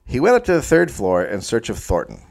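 A man's voice: medium pitch, wildly swooping pitch, fairly quick, vocal fry. Guy reading a history story on a comedy podcast, bouncy voice that jumps all over, breaks into dumb bits. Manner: reads the story then riffs with silly voices.

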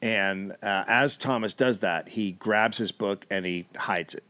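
A man's voice: on the low side, a little slow, bright, forceful tone. A man co-hosting a comedy podcast, casually retelling a historical story with wry asides.

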